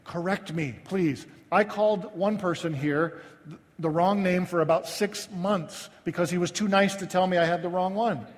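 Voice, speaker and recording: High-voiced male pastor preaching casually. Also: in a large hall. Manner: conversational, self-deprecating, halting restarts. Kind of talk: sermon.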